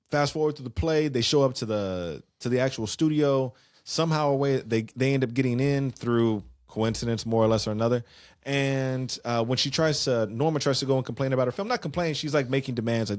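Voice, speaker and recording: A man co-hosting a podcast, casually recapping a musical's plot in an animated, slangy way. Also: medium pitch, normal speed, no echo, studio quality. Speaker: podcast co-host.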